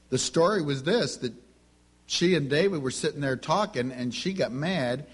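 A man's voice: mid-range voice, husky. A middle-aged man preaching a sermon, telling folksy family anecdotes and acting out the dialogue. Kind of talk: sermon with storytelling.

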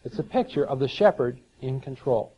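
A man preaching a sermon, telling a story and moving between soft asides and emphatic scripture reading. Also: mid-range voice, expressive, moderate pace, husky. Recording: dull lo-fi sound.

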